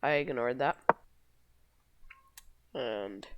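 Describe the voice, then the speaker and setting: A woman hosting a chess video talks through positions casually, rambling, self-correcting, and shrugging off mistakes in a loose way. Her very deep, expressive, slightly bright voice moves extremely slowly with frequent pauses, in a dry recording.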